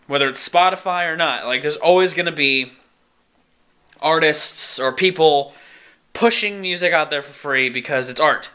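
A man's voice: fairly high pitch, sharp tone, low-quality recording. A young man talking casually in a daily vlog, rambling and opinionated, swearing freely. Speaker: vlogger.

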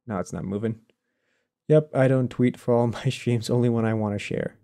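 A man's voice: medium pitch, fairly even intonation, normal speed, warm tone. A man streaming a game live, chatting casually, laughing often and answering his chat as he plays.

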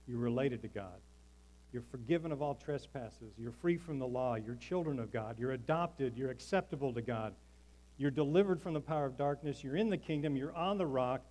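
A man preaching from the pulpit of a church. He is emphatic and rhythmic and leans on repeated lines. He calls out to the congregation for an answer. His voice sits at an ordinary middle pitch for a man. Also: mellow, rough recording. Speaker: pastor. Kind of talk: sermon. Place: church sanctuary.

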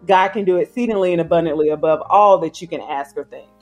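A woman, telling an animated story as an interview guest and acting out other people's voices. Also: on the low side, quick pace, faint music behind. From South Carolina, US. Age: 30s. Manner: acts out quoted voices, slangy and emphatic. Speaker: guest filmmaker. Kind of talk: animated storytelling in casual chat.

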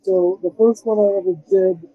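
An older man, a film composer, telling rambling, animated stories in a casual interview, with many restarts and fillers. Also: high voice, normal speed, slightly rough, phone-quality sound.

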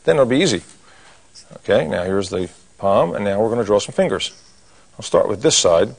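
Middle-aged male drawing instructor, lowish voice, folksy and jokey, talks while sketching. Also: expressive, moderate pace, creaky, slightly rough. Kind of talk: step-by-step cartoon drawing lesson.

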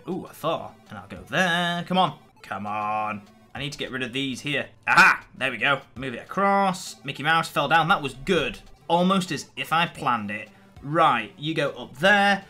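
A young man talks through a phone game as he plays, joking at his own mistakes. His voice is bright and fairly high for a man, swinging widely in pitch. Soft game music plays behind him. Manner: chatty, self-mocking, excitable when rushed. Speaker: gaming channel host. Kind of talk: mobile gameplay commentary.

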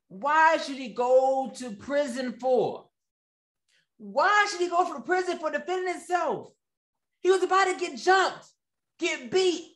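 A man's voice: extremely high pitch, roomy sound. A man hosting a ranting commentary, repeating himself and mocking his subjects. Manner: animated, repetitive, mocking. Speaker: commentary host.

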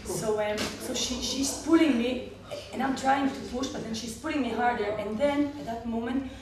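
An Israeli woman with a fairly high voice tells a personal story as a medical clown, animated, with frequent laughter and broken, restarting sentences. She sounds distant from the mic in a very echoey hall, with an audience audible around her. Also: normal speed, a crowd in the background.

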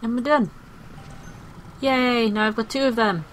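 A woman's voice: a little high, quick pace, slight background noise, rough recording. A woman playing a video game and commentating casually, chatty and playful with frequent exclamations. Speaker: gaming video host.

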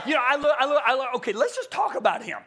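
A middle-aged man preaching a conference sermon, emphatic and animated, acting out quotes in different voices. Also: racing. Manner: animated, emphatic, acts out quotes with big pitch swings.

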